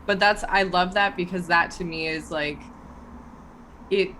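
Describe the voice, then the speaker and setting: A woman in casual chat between tabletop game sessions, excitable and rambling, swearing freely. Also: lowish voice, measured pace, slight background noise. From Canada.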